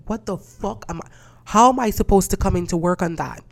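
A woman's voice: medium pitch, expressive, brisk, vocal fry. A woman hosting a podcast, talking bluntly and with exasperation, swearing freely as she rants. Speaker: podcast host. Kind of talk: casual rant.

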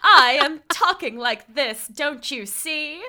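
A woman's voice: high-pitched, lively intonation, slow pace, bright, forceful tone, pitched above the performer's own voice, exaggerated voice. A woman putting on an old movie-star transatlantic voice. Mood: playful grand.

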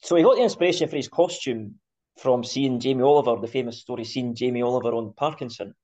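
A man's voice: mid-range voice, fast talker, darkish tone. Scottish-born man on a dull lo-fi mic. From Scotland. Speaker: podcast co-host. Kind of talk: casual chat.

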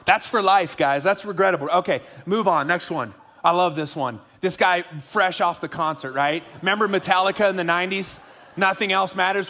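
Joking, lively man preaching a sermon. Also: high voice, a little fast. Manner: joking and animated, then earnest. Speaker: pastor. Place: church auditorium.

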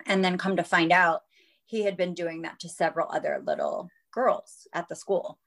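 A woman's voice: lowish voice, normal speed, vocal fry. A woman in her thirties, a mother and guest on a podcast, telling a story earnestly and acting out what others said. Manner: earnest, animated, acts out quoted voices. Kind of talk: interview storytelling.

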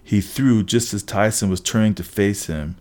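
A man reading a first-person adventure story aloud as an audiobook narrator, brisk, with occasional restarts. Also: lowish voice, darkish tone.

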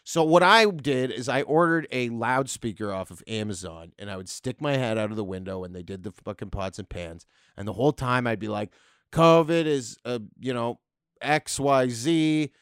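A man's voice: fairly low pitch, a little fast, fairly bright tone, clean tone, no room sound, studio quality. A man in his thirties hosting a podcast, delivering a profane, sarcastic, rambling comedic rant monologue. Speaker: podcast host.

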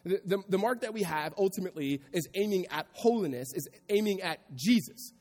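A pastor preaching a sermon to a congregation, moving from quiet reflection to raised, emphatic delivery. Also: male voice, sits high, expressive, brisk, long reverb tail, faint music behind. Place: church sanctuary before a congregation.

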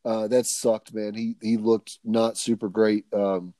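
A man's voice: fairly low pitch, flat delivery, measured pace, warm tone, no room sound. Laid-back young man, dry close podcast mic. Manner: laid-back, swearing, joking banter. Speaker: podcast co-host. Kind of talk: casual chat.

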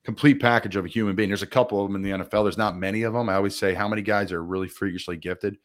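A man's voice: on the low side, steady tone, rapid-fire. A man hosting a casual sports interview, earnest and reflective, asking a lot of rhetorical questions. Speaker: podcast host, former player.

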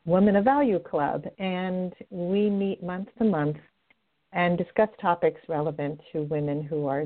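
Middle-aged woman host, chatty and upbeat, lowish voice, sounds like a phone line. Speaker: radio show host and love coach. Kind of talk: podcast host monologue. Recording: tinny phone-line audio.

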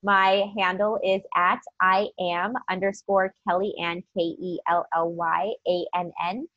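A woman talks through motivational ideas in an easy, casual way, her voice sitting on the low side. The recording sounds dull and lo-fi, with no room echo at all. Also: little pitch movement, a little slow. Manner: earnest, filler-heavy, upbeat. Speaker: podcast guest, business coach.

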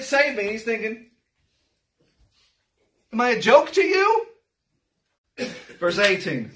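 A man with a fairly high voice leads a verse-by-verse Bible teaching, leaning on rhetorical questions and casual asides. He sounds a little distant from the microphone, as if picked up from across a meeting room. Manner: conversational, rhetorical questions, voice rising to shouts at times. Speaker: pastor.

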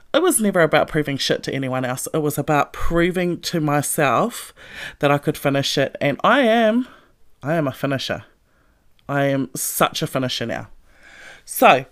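A woman giving a motivational talk, blunt and profane, lively and emphatic. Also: low voice, normal speed. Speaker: motivational podcast host.

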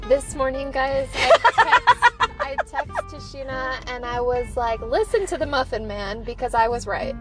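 Woman podcast co-host, high voice, teasing and animated, clear music bed underneath. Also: a little slow, poor audio. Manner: teasing, animated, quotes texts back and forth. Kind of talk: casual chat.

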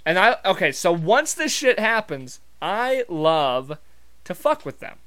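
A man's voice: on the high side, very animated, a little slow, bright, forceful tone, clean tone. A man from Montana telling a rambling, profane story in a casual, wry monologue full of fillers.

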